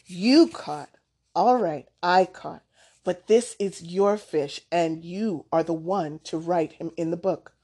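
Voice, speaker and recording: Steady elderly grandfather, measured and unhurried, read by a woman in a storybook. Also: fairly low pitch, breathy edge, exaggerated voice. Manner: measured, unhurried, gently instructive.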